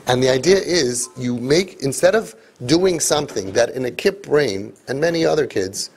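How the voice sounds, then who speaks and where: A man with a gravelly, fry-edged voice gives a parenting talk to a live audience. His tone is husky and a little rough. He jokes and throws in quick asides to the room. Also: medium pitch, expressive, soft background music. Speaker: parenting coach.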